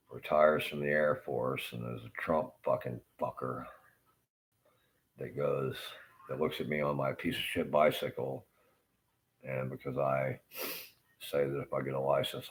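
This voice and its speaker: A man's voice: rumbling low, steady tone, moderate pace. A middle-aged man in pain, ranting angrily and profanely in a rambling monologue.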